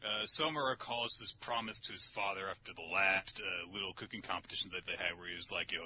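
A man casually recapping a manga chapter on a podcast, animated and sweary, often jumping into high mocking voices for the characters. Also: fairly quick, a little hiss or hum. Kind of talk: casual chat.

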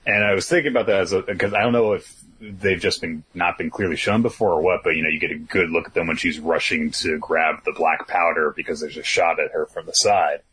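Male co-host, very deep and husky, laid-back and talkative. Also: steady tone, brisk, a bit bright. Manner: laid-back, thinks aloud with fillers. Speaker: podcast co-host. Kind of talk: casual chat about manga chapters.

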